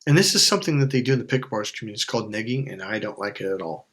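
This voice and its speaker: A man's voice: fairly low pitch, expressive, rapid-fire, fairly bright tone. A man hosting a motivational coaching talk, speaking bluntly and emphatically with plenty of swearing and repeated phrases. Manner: acts out voices of people in his stories. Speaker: life coach and channel host. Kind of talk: direct-to-camera motivational talk.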